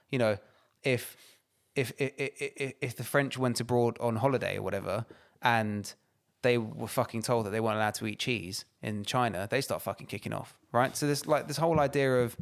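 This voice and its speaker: A man's voice: mid-range voice, normal speed. A man co-hosting a podcast, ranting and swearing emphatically in casual chat. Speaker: podcast co-host.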